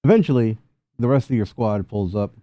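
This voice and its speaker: A man's voice: lowish voice, fairly quick, dark tone, no echo. A man running a tabletop game, laughing often and voicing slangy street characters in loose, profane chat. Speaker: game master.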